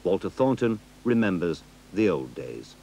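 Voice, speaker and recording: A man narrating a documentary in a measured, expressive way. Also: low-pitched, husky. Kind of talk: scripted narration.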